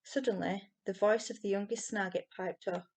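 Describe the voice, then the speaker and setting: A woman reading a children's novel aloud with expressive storytelling. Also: medium pitch, moderate pace, breathy edge. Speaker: reader.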